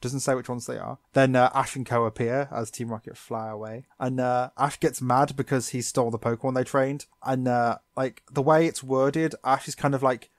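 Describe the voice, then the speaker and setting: A man co-hosting a podcast, poking sarcastic fun at a cartoon plot as he retells it. His delivery is animated and mid-pitched. The sound is dry and close, with no room echo. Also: moderate pace, hardly any pauses. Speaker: podcast co-host. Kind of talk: casual episode recap chat.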